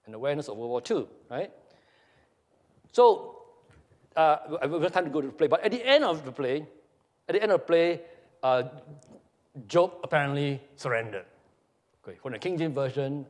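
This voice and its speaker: A man's voice: a little high, lively intonation, a little fast, darkish tone, in a large hall. A man giving a literature lecture, emphatic, repeating himself and asking rhetorical questions.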